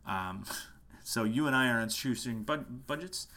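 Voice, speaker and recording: Late at night at home, a man who is a musician talks to camera about online marketing, casual and passionate, repeating his points to drive them in. He has a mid-range voice with a sharp tone and takes his time.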